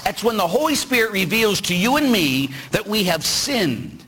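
Animated, husky-voiced priest preaching. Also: male voice, sits high, normal speed, poor audio. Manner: animated preaching, rhetorical questions, acts out quoted voices. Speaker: Catholic priest. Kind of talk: sermon.

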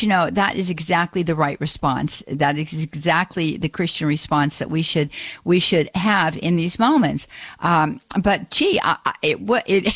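A woman's voice: fairly low pitch, no echo. A woman hosting a Catholic call-in radio show, folksy and exclamatory as she responds to callers. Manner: warm-hearted, exclamatory, folksy.

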